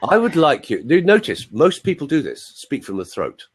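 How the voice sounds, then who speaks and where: A man's voice: fairly high pitch, huge pitch swings, normal speed, breathy edge. A male voice coach explaining techniques on an online call, with joking asides. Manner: explanatory, demonstrates sounds, jokey asides. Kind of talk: teaching on a group call.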